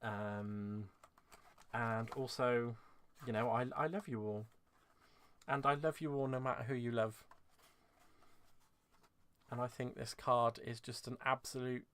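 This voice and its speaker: A man's voice: mid-range voice, steady tone, measured pace, long pauses, a bit bright, clean tone. A man hosting a craft live stream, speaking in a rambling, heartfelt way while emotional and close to tears. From England. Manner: rambling and heartfelt, laughing through restarts. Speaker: craft channel host. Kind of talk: live-stream sign-off chat.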